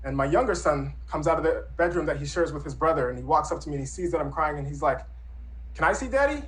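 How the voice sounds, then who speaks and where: A man in his thirties recounts a true personal story. He speaks earnestly and reflectively, in a conversational manner, with a somewhat high-pitched voice. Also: steady tone, fast, rough recording. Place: Brooklyn.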